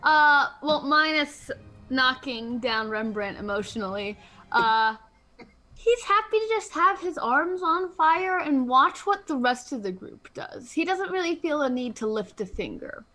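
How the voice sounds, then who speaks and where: A woman playing a tabletop game, calmly explaining what her character does. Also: high voice, unhurried. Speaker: player.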